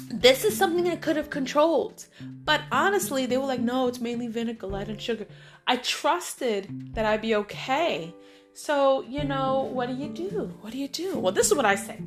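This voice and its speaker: A middle-aged woman hosts her own vlog and tells personal stories in a casual, lively way. Her voice sits a little high, and she slips into other people's voices as she recounts what they said. Clear music plays behind her. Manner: animated, acts out friends' voices and lines. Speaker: vlog host. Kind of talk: casual storytelling monologue.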